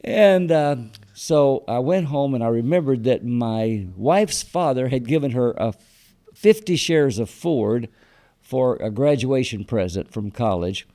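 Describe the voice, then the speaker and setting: A man's voice: medium pitch, animated, a little slow, warm tone. A man, a guest in an interview, telling long anecdotes and quoting what others said, with fillers and restarts. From Texas. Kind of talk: storytelling interview.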